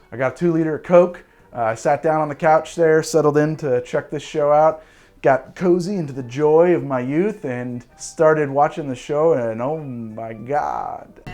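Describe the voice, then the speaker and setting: A man in his forties hosting a cocktail show, talking casually to camera in an animated, digressive and jokey way. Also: mid-range voice.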